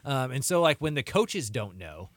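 A man co-hosting a casual sports talk show, chatty and quick, full of "like" and "you know". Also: medium pitch, very animated, a bit bright, dry recording. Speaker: co-host.

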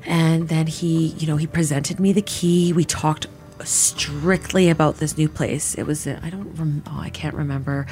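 A woman in her thirties with a low voice gives a candid personal account. Her talk is casual and halting, full of "like" fillers and restarts. Faint music plays under her. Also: fairly even intonation, darkish tone. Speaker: interviewee recounting her experience.

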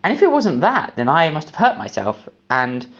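A man's voice: on the high side, huge pitch swings, normal speed, a bit bright, lo-fi sound. A British man telling a story in a mild, wry way, played from a recorded voice memo. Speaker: listener sending a story.

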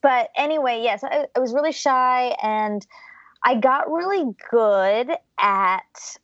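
A woman's voice: on the high side, takes it slowly, a bit bright, dry recording. A young woman from Georgia, a podcast guest telling her childhood story in a reflective, chatty way with frequent laughs. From Georgia, USA. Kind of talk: casual interview storytelling. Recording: dull, dry lo-fi sound.

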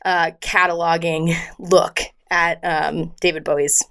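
A woman's voice: fairly low pitch, little pitch movement, slow, a bit bright. A woman co-hosting a casual podcast, rambling through asides, swearing freely and laughing often. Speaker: podcast co-host.

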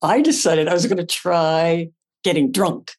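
Animated older woman telling a story. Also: fairly low pitch, measured pace. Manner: animated, acts out her own quotes, laughs often. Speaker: actress guest. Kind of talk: casual anecdote telling.

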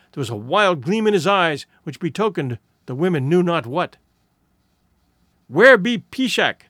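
Male audiobook narrator, high and very animated delivery, dry close sound. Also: no room sound. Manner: expressive storytelling, acting out voices. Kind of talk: scripted narration.

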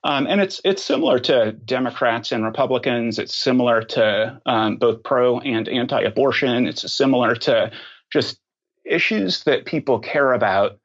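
A man answering questions as a podcast guest, talking thoughtfully and pausing often with ums and restarts. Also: mid-range voice, highs cut off. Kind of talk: conversational interview answers.

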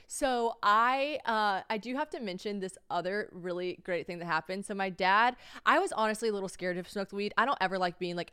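Chatty young woman podcaster, smooth dry voice. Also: lowish voice, fairly bright tone, no echo. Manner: chatty, swears freely, bursts into shrieking laughter. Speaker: podcast host. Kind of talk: casual comedic storytelling.

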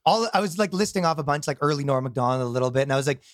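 A man's voice: a little high, animated, racing, dry recording, clean studio sound. A man from Canada, a comedian guest in casual podcast chat, rambling with lots of fillers and laughing often.

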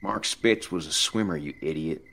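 A man doing a gruff, soft-spoken tough guy. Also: rumbling low, moderate pace, full character voice. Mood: exasperated.

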